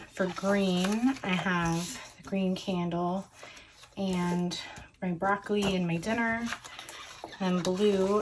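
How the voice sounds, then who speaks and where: At her crafting table at home, a scrapbooking vlogger with a lowish voice chats casually through her scrapbook plan, correcting herself in small ways as she goes. Background noise can be heard.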